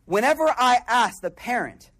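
A man giving a casual, slangy sermon and acting out quick asides in a lower voice. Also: sing-song, a bit bright. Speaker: preacher.

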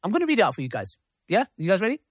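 A man's voice: high-pitched, wildly swooping pitch, racing, husky, no echo, studio quality. A man hosts a live discussion and reads messages aloud, adding his own commentary. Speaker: host.

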